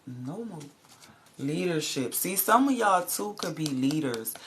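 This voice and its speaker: A woman with a deep, gravelly voice gives a casual tarot reading straight to her viewers. She swears freely and keeps breaking into laughs and loud exclamations. A faint hiss sits under the recording. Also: animated, measured pace. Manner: profane, laughs and exclaims often. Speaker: tarot reader.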